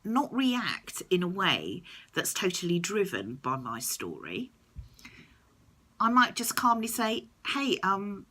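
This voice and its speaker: A woman's voice: fairly low pitch, wildly swooping pitch, takes it slowly, bright, forceful tone, breathy edge. A woman vlogger talking reflectively to camera in a thoughtful, explanatory way.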